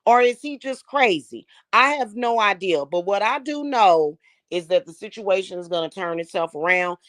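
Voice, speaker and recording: A woman's voice: medium pitch, expressive, moderate pace, fairly bright tone, dry recording. A woman, talking casually to her viewers, emphatic and emotional, often repeating words as she builds up steam. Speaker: spiritual channel host.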